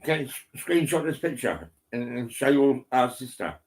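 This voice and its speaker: A man's voice: mid-range voice, very animated, normal speed. A middle-aged man talking casually at home into a phone. His speech rambles, full of fillers and false starts, with frequent swearing. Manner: rambling, heavy swearing, many ums and restarts. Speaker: vlogger. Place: indoors at home, on a settee.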